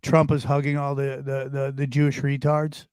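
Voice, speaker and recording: A man talking casually as a podcast guest, rambling and animated, often calling the listener dude or bro. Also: medium pitch, moderate pace, clean tone, no echo.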